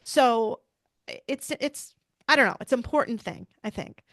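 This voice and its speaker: Middle-aged woman, podcast guest; earnest, searching delivery, slightly high voice, dry close mic. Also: expressive, moderate pace, a bit bright, no room sound. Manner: earnest, searching, frequent restarts and "like". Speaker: pediatrician and bereaved mother, guest. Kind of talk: heartfelt interview storytelling.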